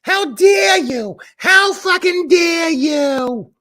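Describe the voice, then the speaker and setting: A man putting on a mocking impression of a self-pitying female livestreamer, with a slow, drawn-out whine. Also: very high-pitched, expressive, pushed and bright, shouting, voice pushed up, exaggerated voice. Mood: shrill outrage.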